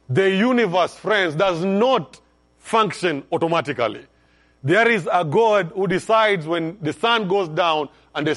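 A middle-aged male pastor preaching a sermon, calling on the congregation to respond and swinging between hushed and loud emphasis. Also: a little high.

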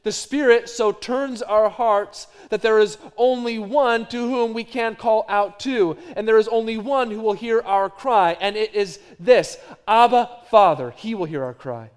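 A middle-aged man with a high-pitched voice preaches a sermon. His delivery moves between quiet, dropped phrases and louder emphatic runs of repetition. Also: unhurried, hardly any pauses, clear, resonant tone. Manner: varies from hushed to loud, repetitive emphatic phrasing. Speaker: pastor.

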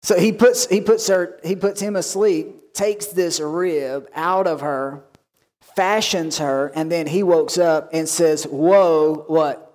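A pastor preaches to his congregation in a fairly high voice. He reads verses slowly and with weight, then turns folksy and throws questions to the room. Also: a little mellow. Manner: reads scripture aloud and slows for emphasis. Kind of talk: sermon.

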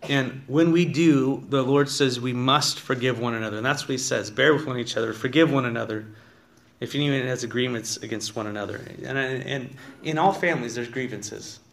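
A man's voice: mid-range voice, normal speed, gravelly, a bit bright. A man preaching a conversational sermon in a church, reading scripture aloud and asking his congregation questions. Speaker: pastor. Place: church sanctuary.

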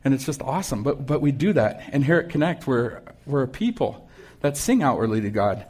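A man's voice: mid-range voice, very animated, a little fast, darkish tone, breathy edge. Conversational male pastor preaching. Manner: conversational, asks the congregation questions. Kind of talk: casual sermon with scripture reading.

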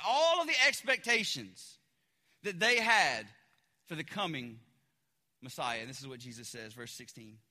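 A male pastor preaches in a chatty, animated storytelling style, full of fillers. His voice sits high, with a very bright edge. A long hall reverb trails behind him. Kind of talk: sermon.

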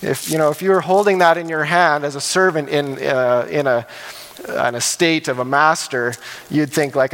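A man's voice: a little high, normal speed, a bit bright. A man preaching a sermon in a conversational manner, often checking in with "right?" as he goes. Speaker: pastor. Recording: long hall reverb.

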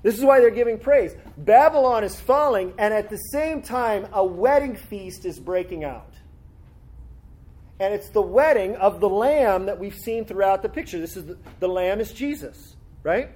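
A man's voice: high-pitched, animated, normal speed, darkish tone. A man preaching a sermon, reading scripture aloud and explaining it in a conversational way with frequent tag questions. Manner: expository, reads scripture aloud with rising fervor.

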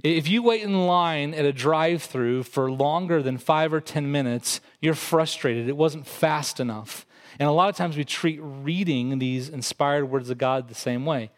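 A man preaching a sermon in a relaxed, conversational way, like a pastor talking to his own congregation. His voice sits a little above the usual male pitch. He often repeats a word or two as he restarts a thought. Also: a little slow. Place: church hall with congregation.

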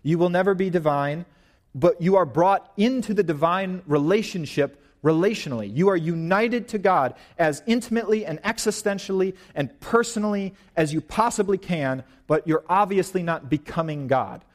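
A young man in his twenties giving an informal, animated sermon at church, pacing and gesturing as he talks. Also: high-pitched, normal speed. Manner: paces and gestures while preaching, animated and informal. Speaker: young preacher.

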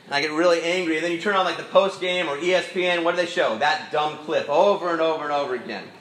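A man's voice: on the high side, fast talker, fairly bright tone, reverberant, rough recording. A middle-aged man preaching a sermon in an easygoing, storytelling way with self-deprecating asides. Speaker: pastor.

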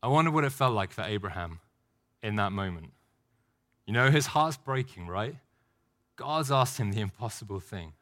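A man's voice: on the low side, expressive, moderate pace, long pauses, a bit bright. A man preaching a sermon, telling a story and acting out short outbursts. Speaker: pastor.

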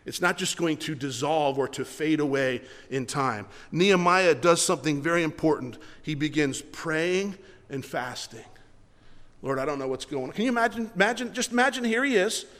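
High-voiced preacher in a reverberant hall. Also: male voice, expressive, a bit bright. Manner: emphatic, repeats words, slows for scripture reading. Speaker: pastor. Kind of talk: sermon.

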